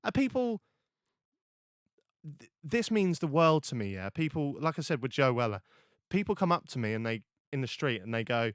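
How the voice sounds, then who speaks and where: A man's voice: medium pitch, sing-song, normal speed, no echo, clean studio sound. A young man hosting a podcast, telling stories animatedly with swearing and many restarts. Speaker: podcast host. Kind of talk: casual podcast chat.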